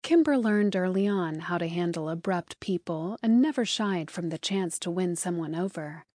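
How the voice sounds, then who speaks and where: A woman narrating an audiobook in smooth, even scripted storytelling, recorded close on a studio mic. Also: on the low side, normal speed, no echo.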